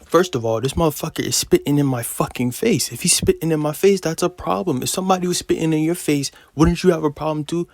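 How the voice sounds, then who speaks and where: A young man in his late teens telling a story in a vlog, animated, slangy and heavy on profanity. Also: a little high, dry recording. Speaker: vlogger.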